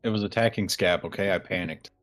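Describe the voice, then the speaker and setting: This man has a fairly low voice and plays in a tabletop game. He talks casually and sheepishly, breaking into loud excited outbursts now and then. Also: quick pace. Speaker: player.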